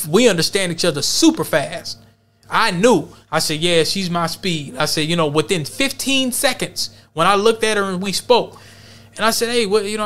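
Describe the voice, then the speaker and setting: Podcast host guy, high-ish voice, rambly slangy storytelling. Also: a bit bright. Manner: loose, rambling, streetwise slang. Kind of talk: casual commentary and storytelling.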